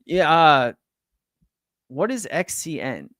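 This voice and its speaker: Rambling, slightly high-voiced livestream host. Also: male voice, sing-song, takes it slowly, a bit bright, no room sound, studio quality. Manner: rambling, filler-heavy, profane; reads out and greets chat viewers. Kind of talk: casual livestream chat.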